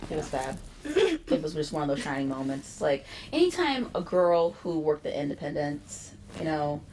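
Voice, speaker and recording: A woman hosting a casual interview, expressive and excitable, jumping into high squeals when she quotes reactions. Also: normal speed, a little hiss or hum. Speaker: interview host.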